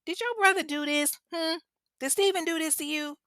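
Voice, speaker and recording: A woman voicing a furious abusive mother who yells profane accusations in a shrill voice. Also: huge pitch swings, slow, no room sound, clean studio sound, heavily acted. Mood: interrogating.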